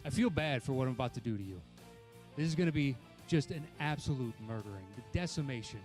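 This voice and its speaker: A man's voice: mid-range voice, expressive, fast talker, darkish tone, soft background music. A man cutting a mocking trash-talk promo against his opponent. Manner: mocking, taunting. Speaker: competitor.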